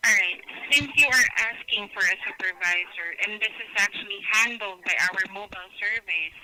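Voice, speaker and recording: A woman's voice: medium pitch, normal speed, pushed and bright, no echo. A woman working as a customer service agent, speaking politely but firmly on a call. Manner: polite, apologetic, firm. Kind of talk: call center phone talk. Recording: thin phone line.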